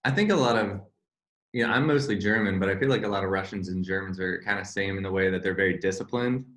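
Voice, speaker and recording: A young man as a podcast guest in casual chat, relaxed, easygoing and profane. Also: low-pitched, quick pace. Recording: roomy echo.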